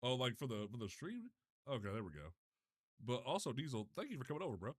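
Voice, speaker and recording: A man's voice: medium pitch, sing-song, quick pace. A young man hosting a casual live stream, flustered and swearing while he fixes his chat setup. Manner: flustered, swearing, restarts often. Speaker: livestreamer.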